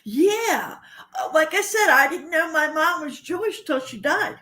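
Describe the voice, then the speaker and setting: A woman's voice: high-pitched, expressive, unhurried, pushed and bright. An older woman hosting a livestream, chatting casually with viewers and rambling through personal stories. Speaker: livestream host.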